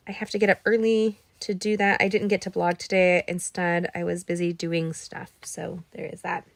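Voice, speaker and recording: A woman hosting a live card-making tutorial, chatting warmly with her viewers and reading their comments as she works. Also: mid-range voice, gravelly, dry recording. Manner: bubbly, talks to viewers directly, reads out chat; gets emotional when talking about a late friend. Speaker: card-making instructor and live-stream host.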